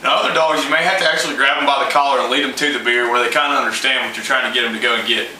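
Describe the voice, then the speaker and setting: A man's voice: mid-range voice, steady tone, very fast, pushed and bright, recorded from a distance, a little hiss or hum. Folksy man in an echoey room. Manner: plain, folksy and informal, with many fillers. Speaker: dog trainer. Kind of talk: instructional how-to talk.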